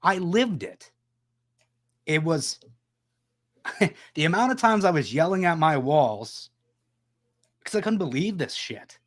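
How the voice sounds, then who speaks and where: A man's voice: a little high, sing-song, takes it slowly, long pauses, fairly bright tone. A man hosting a political discussion, talking with passion and raw emotion, hammering his points home. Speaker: podcast host.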